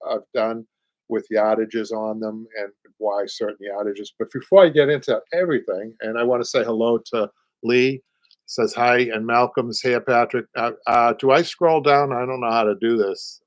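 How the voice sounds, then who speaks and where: A man in his late fifties with a Boston accent, chatting loosely through a live stream as host. His voice sits at an ordinary middle pitch, and he rambles with plenty of "uh"s and easy chuckles. The sound is dry and close, with hardly any room around it. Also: fairly even intonation, normal speed, no room sound. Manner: rambling and chatty, many fillers, chuckles often. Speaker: upholsterer hosting a live show. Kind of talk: casual live-stream chat.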